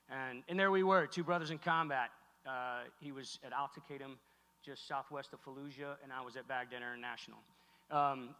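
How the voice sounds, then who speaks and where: A middle-aged man giving an emotional keynote speech on stage, halting and heartfelt, with many restarts. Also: mid-range voice, pushed and bright. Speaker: keynote speaker. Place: large hall on stage. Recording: echoey hall recording.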